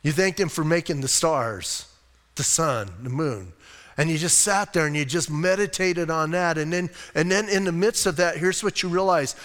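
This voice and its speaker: A man with a high voice preaches a conversational sermon. He talks straight to his listeners and presses hard on his main points. His voice rings out into the long reverb of a church sanctuary. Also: normal speed, hardly any pauses, fairly bright tone. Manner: emphatic, rises on key points. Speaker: pastor.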